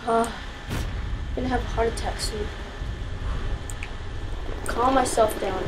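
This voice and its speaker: A woman giving live commentary on a shooter game, excitable and quick to shriek and wail when scared. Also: fairly high pitch, background noise. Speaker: gameplay commentator.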